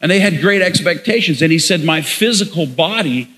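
A man's voice: a little high, moderate pace, few pauses, fairly bright tone. Pastor guy preaching, gets the crowd to repeat after him, big echoey sanctuary. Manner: call-and-response preaching, breaks into song. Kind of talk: sermon.

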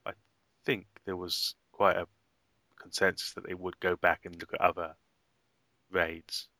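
A man co-hosting a casual gaming podcast, chatty and quick when recalling things. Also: low-pitched, little pitch movement, pushed and bright, dry recording. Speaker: podcast co-host.

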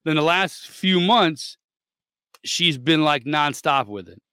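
A male podcast host reads a forum post aloud and keeps stumbling on it, cursing at the bad punctuation. His voice sits a bit high and sounds bright and forceful. The recording is close and dry. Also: takes it slowly, clean tone, no room sound. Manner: blunt, swears freely, stumbles over the text. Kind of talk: reading a forum post aloud, casual chat.

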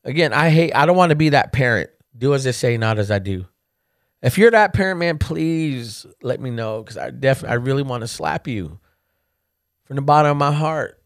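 A man's voice: mid-range voice, moderate pace, no echo, studio quality. A man hosting a podcast, talking candidly and casually as he tells family stories, often adding "man". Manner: candid storyteller who keeps saying "man"; animated when retelling funny family stories. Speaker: podcast host. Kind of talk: casual monologue.

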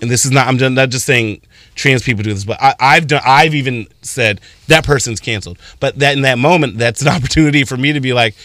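An impassioned male radio co-host speaking at a middling pitch, talking through his point with many restarts. The sound is dry and close, with no room in it. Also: fast, a bit bright, no room sound. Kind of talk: casual radio chat.

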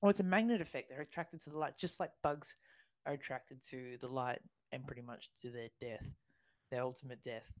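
An Australian woman with a low voice co-hosts a casual podcast. She tells stories in a chatty way, laughs often, and restarts her sentences as she goes. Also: steady tone, fairly quick. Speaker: podcast co-host. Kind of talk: casual chat.

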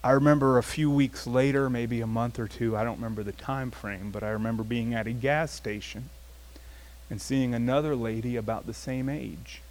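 Conversational pastor preaching with faint hiss. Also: male voice, mid-range voice. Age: adult, past his teens. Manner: conversational, animated storytelling with acted quotes. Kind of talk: sermon with personal story.

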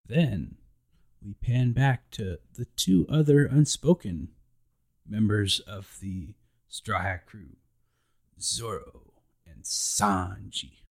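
A man's voice: on the low side, slow, creaky. A man hosting a podcast, recapping anime episodes in a laid-back, slangy way.

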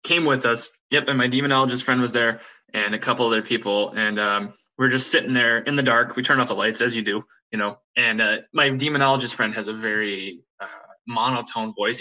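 Bright-voiced man rambling through a ghost story. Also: medium pitch, fairly even intonation, brisk, low-quality recording. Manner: rambling, frequent fillers and restarts, acts out quotes. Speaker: podcast guest telling ghost stories. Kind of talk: casual storytelling conversation.

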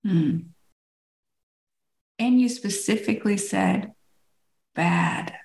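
Unhurried woman co-host from the States, a touch of vocal fry, reflective and easy laughing. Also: medium pitch, darkish tone. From United States. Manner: laughs easily, thoughtful and reflective. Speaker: podcast co-host. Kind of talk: casual chat. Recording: roomy echo.

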